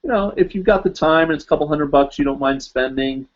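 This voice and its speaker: A man's voice: fairly high pitch, fast, lo-fi sound. A man hosting a casual live stream, answering viewer questions and reading comments aloud in a rambling, easygoing way.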